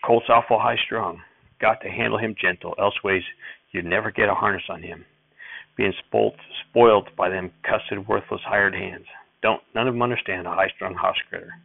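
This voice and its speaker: A man's voice: fairly low pitch, fairly even intonation, normal speed, vocal fry, dry recording. A man voicing a cranky old farmer grandfather who scolds and hollers in a rural drawl. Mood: gruff fussing. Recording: dry tinny phone-like sound.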